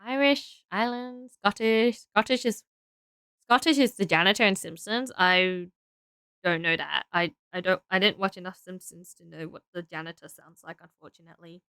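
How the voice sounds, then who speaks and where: A woman's voice: mid-range voice, normal speed, fairly bright tone, smooth, no echo. A young woman streaming, chatting casually with viewers while building, rambling and correcting herself as she goes. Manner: rambling, unsure and self-correcting. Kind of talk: casual live-stream chat.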